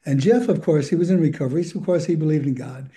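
Older male recovery speaker, very mellow dark tone, slightly high pitch, candid and rambling. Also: fast talker. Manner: candid, rambling, chuckles often. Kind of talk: personal recovery share.

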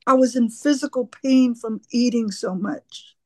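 A woman sharing her recovery story at a twelve-step meeting, halting and earnest, often repeating her words. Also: a little high, warm tone, no room sound. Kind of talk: personal recovery share.

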